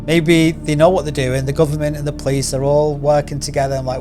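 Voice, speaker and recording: A man's voice: a little high, level tone, brisk, music in the background. A man hosting a casual news commentary channel, rambling and firing off rhetorical questions. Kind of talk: casual opinion commentary to camera.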